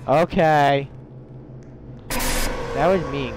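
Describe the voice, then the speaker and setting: A young man commentating his own game live, excitable and swearing, whining at the other players. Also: medium pitch, slow, noisy background. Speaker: gamer.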